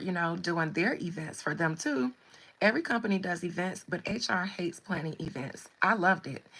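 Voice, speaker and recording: A woman casually telling a personal story on a podcast in an animated, frank way, swearing freely. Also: mid-range voice, creaky.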